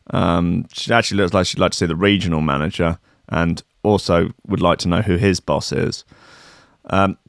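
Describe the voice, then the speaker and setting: Sardonic man with a lively voice. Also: mid-range voice, no room sound, clean studio sound. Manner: sardonic, laughing asides. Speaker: host. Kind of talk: casual news commentary.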